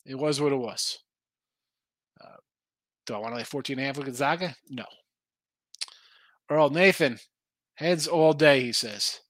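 This is a man's voice, a little high and sharp in tone, recorded with no room sound. He hosts a sports betting show late at night, chatting loosely on a live stream, reading viewer picks, mulling the lines aloud and responding to his audience.

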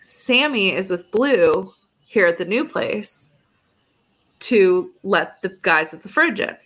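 Slow and expressive, her voice mid-range and fairly bright, a young adult podcast co-host recounts a story in a relaxed chat, playing both parties in the phone calls she describes.

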